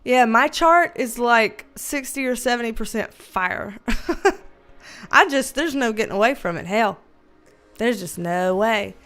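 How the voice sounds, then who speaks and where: High-voiced Southern woman chatting on a livestream. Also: animated, slow, a bit bright. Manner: laughs often while reading viewer comments aloud; chatty, loose and colloquial with mild swearing. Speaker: livestream host and tarot reader. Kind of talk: casual livestream chat.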